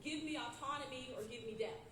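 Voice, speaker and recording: A woman's voice: high-pitched, fairly quick. Emotional young woman speaking at a rally. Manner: emotional and earnest, with fillers. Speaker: student body president. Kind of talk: personal protest speech. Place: outdoor protest rally. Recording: echoey outdoor sound with background noise.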